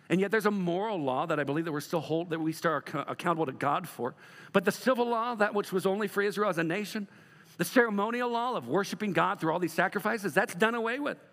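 A middle-aged man preaching a sermon as a pastor, moving from loud emphatic bursts to soft, slow passages. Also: sits high, in a large hall.

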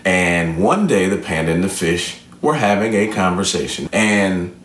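A low-voiced man tells a story and turns it into an earnest, uplifting lesson, his pitch rising and falling widely. He sounds preacherly, and he is heard from a distance in a room with a noticeable echo. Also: expressive, normal speed, fairly bright tone, slight background noise. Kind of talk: motivational storytelling talk.

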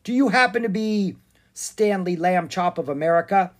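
A storybook reader voicing a bold, brisk young girl who takes charge. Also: mid-range voice, animated, voice pushed up, close to an everyday voice. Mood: commanding. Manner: brisk, commanding. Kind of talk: storybook read-aloud.

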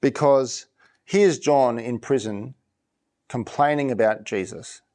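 A man's voice: mid-range voice, slow, a little mellow. Man preaching a conversational sermon. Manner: conversational preaching, often repeating and restarting phrases. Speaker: pastor.

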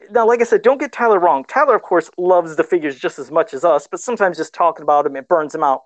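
A man's voice: high-pitched, no room sound. A man co-hosting a casual live stream about toys, talking in a rambling, chatty way full of fillers. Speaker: co-host of a toy-collecting live show.

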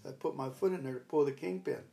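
A man's voice: medium pitch, fast talker, creaky. Older man telling a rambling story. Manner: rambling storyteller, bursts into loud commands when retelling. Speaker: recovery talk speaker. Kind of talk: casual spoken reflection.

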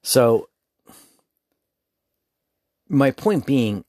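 A man's voice: mid-range voice, very animated, very slow, darkish tone, no echo. A man hosting his own podcast, talking candidly and informally in a casual solo monologue. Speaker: podcast host.

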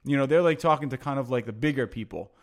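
A man in his own relaxed talking voice, spinning loose, meandering stories. He swears freely and leans hard on fillers like "like" and "you know," restarting as he goes. It sounds like easy, offhand banter between friends. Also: medium pitch, quick pace. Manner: rambling, profane, filler-heavy anecdotes. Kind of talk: casual storytelling chat.

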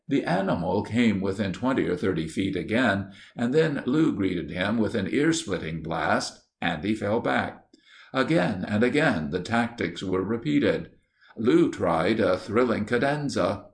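A man with a low, gravelly voice reads an old adventure story aloud. His delivery is steady and measured, and it rises noticeably whenever a character speaks. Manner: steady measured reading, lifting for dialogue. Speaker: narrator. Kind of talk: storybook narration.

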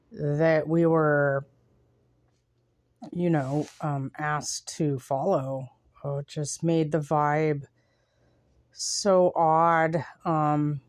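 A woman hosting a podcast, talking softly and reflectively with pauses, then reading her own writing aloud. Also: low-pitched, no room sound, studio quality. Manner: soft, unhurried and reflective, with pauses. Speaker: podcast host.

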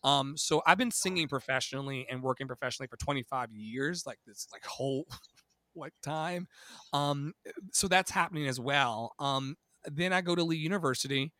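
A man in his thirties from Virginia, a singer and podcast guest, telling his life story in a dramatic, animated way and swearing freely. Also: mid-range voice, moderate pace, no echo. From Virginia, USA. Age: 30s. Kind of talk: storytelling interview.

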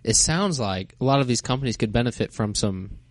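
A man's voice: medium pitch, expressive, brisk, no room sound. Man chipping in dry jokes. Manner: dry jokey asides. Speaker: podcast co-host. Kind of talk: casual chat.

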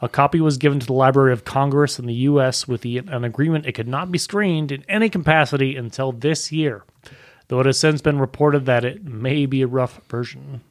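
A man's voice: mid-range voice, no echo, clean studio sound. A man co-hosting a comedy podcast, reading news items aloud and tripping over his words. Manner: reads aloud haltingly, stumbling over words. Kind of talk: casual comedic podcast banter.

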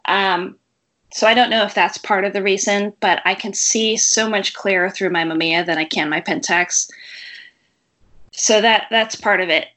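Bright-voiced woman chatting frankly. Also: mid-range voice, fairly even intonation, normal speed. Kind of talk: casual chat.

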